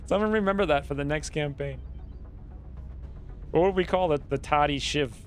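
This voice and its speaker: A man's voice: a little high, normal speed, soft background music. A man streaming a strategy game, thinking aloud in a rambling, playful way as casual gaming commentary.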